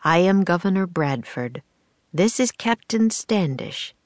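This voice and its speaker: A woman's voice: lowish voice, sing-song, measured pace, darkish tone, no room sound. A woman voicing a friendly colonial governor in a storybook reading, speaking with courteous, old-fashioned phrasing.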